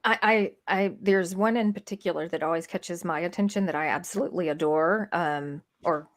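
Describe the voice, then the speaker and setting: A woman's voice: fairly low pitch, normal speed. American woman musing aloud. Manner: rambling, thinks aloud with fillers and restarts. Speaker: podcast co-host. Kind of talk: casual chat.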